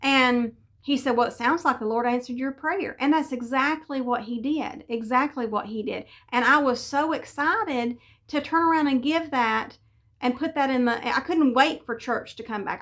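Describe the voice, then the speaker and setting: A woman's voice: high voice, a bit bright. A middle-aged woman giving a personal devotional testimony, telling her story earnestly with fillers and restarts. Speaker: devotional speaker.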